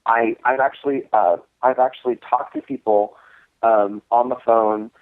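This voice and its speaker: A man's voice: mid-range voice, fairly even intonation, moderate pace, dry recording. A man, co-host of a cult film screening series, telling a long story in a casual interview, rambling with many restarts and fillers. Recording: tinny phone-like line.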